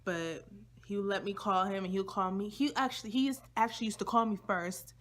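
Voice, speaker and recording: A woman's voice: medium pitch, steady tone, brisk, fairly bright tone. A young woman vlogger telling a personal story to her viewers in a casual, slangy, chatty way.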